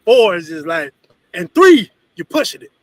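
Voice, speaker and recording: A man teaching a congregation in an animated, profane, storytelling preaching style. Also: high voice, normal speed, no echo, poor audio. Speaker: religious teacher.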